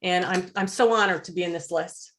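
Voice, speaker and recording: Woman author from Ohio, nervous and halting, near tears, on a video call. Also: on the low side, fairly bright tone, a little hiss or hum. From Ohio, USA. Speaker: guest author. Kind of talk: nervous self-introduction at a virtual event.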